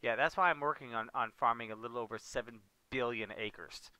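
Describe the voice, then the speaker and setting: A man's voice: medium pitch, brisk, bright, forceful tone. A man hosting a livestream, chatting casually as he plays a farming game and grumbling now and then. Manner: chatty, talks to chat and co-players, mild exasperated outbursts. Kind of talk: casual gameplay commentary.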